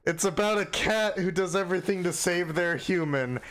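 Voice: medium pitch, normal speed, a bit bright. A game streamer giving casual, wry gameplay commentary, joking and swearing freely.

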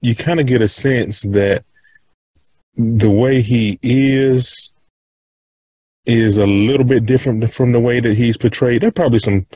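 A man's voice: mid-range voice, fairly even intonation, measured pace, warm tone, husky, low-quality recording. A man hosting a podcast interview, casual and rambling, restarting his questions as he goes. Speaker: podcast host.

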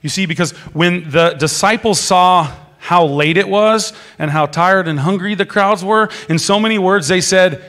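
A man preaches a sermon in a large church, his somewhat high voice trailing into a long reverb. He is animated, jumping from loud exclamations down to hushed whispers. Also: normal speed, hardly any pauses. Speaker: pastor.

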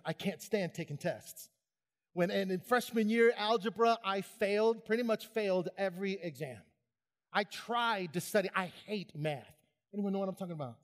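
A man's voice: high voice, moderate pace, big-room sound. A man in his sixties preaching a fervent keynote sermon, calling out questions to the crowd. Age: 60s. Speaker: conference keynote speaker.

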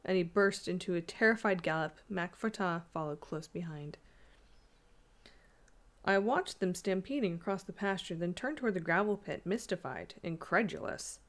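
Woman reading a ghost story aloud. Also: mid-range voice.

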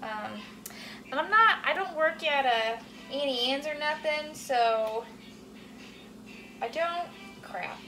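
A young woman talking casually while cooking at home, animated and swearing freely as she asks her viewers "okay?" all the time. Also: high voice, slow, long pauses, faint music behind, poor audio. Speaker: cooking vlogger. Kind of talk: casual chatty cooking vlog.

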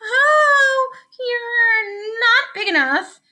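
A woman's voice: mid-range voice, sing-song, slow pace, bright, forceful tone, full character voice. A woman voicing a grouchy, bossy ladybug in a storybook read-aloud, picking fights and then backing down flustered.

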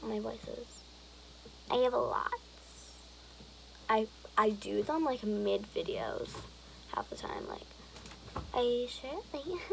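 Young woman vlogger with a slightly high, vocal-fry voice, rambles and giggles. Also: a little hiss or hum, rough recording. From Alberta, Canada. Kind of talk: rambling casual vlog chat.

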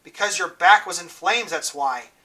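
A calm, kindly grown man speaks softly and steadily to a hurt boy in a storybook scene, as a man reading aloud puts him on. The tone is gentle yet bright. The voice comes from a little away from the mic. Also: high voice, moderate pace, distant mic, rough recording. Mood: reassuring. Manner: soft, reassuring.

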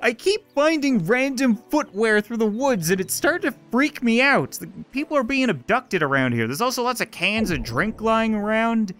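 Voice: medium pitch, big pitch swings, moderate pace, few pauses, fairly bright tone. A video game host giving casual, joking let's-play commentary while playing, chatting directly to viewers.

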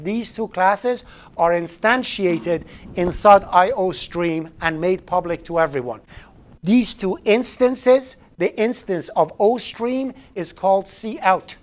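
A man teaching a programming class live in a classroom, chatty, often restarting phrases and throwing in joking asides. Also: high voice. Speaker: programming instructor.

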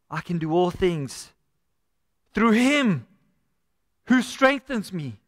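A man's voice: sits high, big pitch swings, slow pace, long pauses, clean studio sound. A man preaching a live sermon as pastor, earnest and conversational, often addressing listeners as friend. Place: church sanctuary. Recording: church hall with long reverb.

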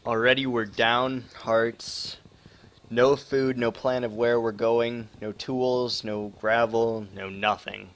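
A young man from Wisconsin giving excitable live commentary on a hard survival game, swearing often and greeting chat viewers. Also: medium pitch, slow pace. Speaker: game streamer.

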